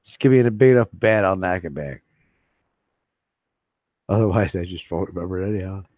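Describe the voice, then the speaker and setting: A man's voice: low-pitched, fairly quick, a little mellow, dry recording. Rambling man on a dry, dull mic. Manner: rambling, laughing and swearing freely. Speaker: streamer hosting a live hangout. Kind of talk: casual live-stream chat. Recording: dry, slightly dull lo-fi sound.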